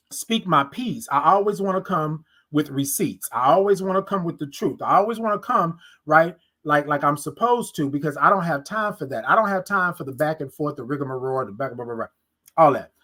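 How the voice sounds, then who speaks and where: Woman host, casual storyteller; animated, acts out the back-and-forth, repeats lines for emphasis, speaks right to her audience. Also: sits low, fairly quick. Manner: animated, acts out both sides of conversations; talks straight to listeners, repeats phrases for emphasis. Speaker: podcast host.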